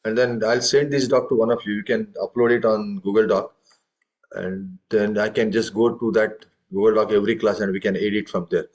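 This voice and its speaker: Tabla teacher coaching a class. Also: male voice, fairly low pitch, fairly even intonation, a little fast, highs cut off. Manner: counts beats and recites syllables, coaching students. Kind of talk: group music lesson.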